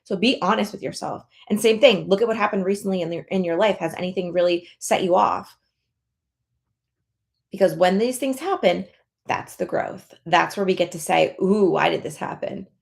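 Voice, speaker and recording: A woman's voice: mid-range voice, normal speed, creaky. A woman weight loss coach talking casually in a members-only live session, encouraging listeners and acting out their inner thoughts.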